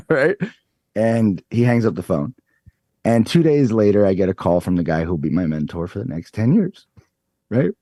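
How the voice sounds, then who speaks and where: A man in his thirties telling a story on a podcast, animated and swearing freely. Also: lowish voice, moderate pace, no echo. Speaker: podcast guest. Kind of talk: casual storytelling.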